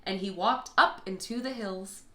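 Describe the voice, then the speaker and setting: A woman reading a children's bedtime storybook aloud in an expressive, lilting way. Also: mid-range voice, a little slow, a little hiss or hum. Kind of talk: read-aloud storybook narration. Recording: echoey room.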